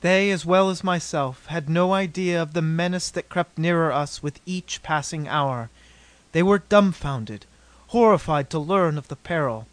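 A man's voice: fairly high pitch, measured pace, dry recording. Man narrating an audiobook, dry close sound.

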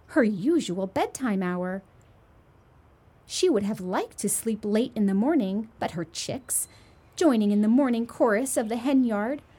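A woman telling a children's story at an unhurried pace. Her pitch rises and falls with lots of movement as she leans into the words, and her voice carries a soft huskiness. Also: breathy edge. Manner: expressive, gently emphatic reading. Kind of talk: children's storybook read-aloud.

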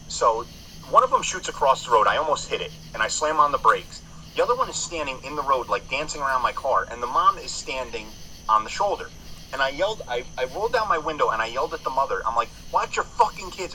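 A man's voice: medium pitch, expressive, fast, sharp tone, a little hiss or hum, poor audio. A man in casual podcast chat, swearing freely and telling stories with frequent restarts. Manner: profane, rambling storyteller with many restarts.

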